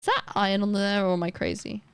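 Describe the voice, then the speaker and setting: A young woman chatting casually on a live gaming stream, rambling and self-deprecating with quick asides. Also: mid-range voice, steady tone, smooth, no room sound. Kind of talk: casual chat while gaming.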